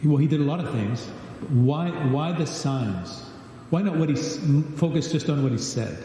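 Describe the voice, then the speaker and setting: A man's voice: fairly high pitch, animated, moderate pace, dark tone. A man leading a Bible study, reading scripture aloud and asking questions of the group. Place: large church hall. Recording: distant echoey church livestream.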